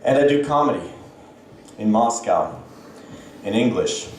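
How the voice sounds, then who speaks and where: A man in his thirties from Canada works a stand-up set into a handheld mic. He talks in a halting, self-mocking way, full of ums and restarts. The sound is very echoey, as if caught from a distance in the room. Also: mid-range voice, lively intonation, slight background noise. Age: 30s. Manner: self-deprecating, halting with many fillers. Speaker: stand-up comedian. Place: comedy club stage. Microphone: handheld stage mic.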